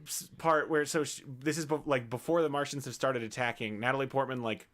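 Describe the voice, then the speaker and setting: A man co-hosting a casual comedy podcast, retelling movie scenes in an animated way and laughing often. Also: mid-range voice, fairly quick.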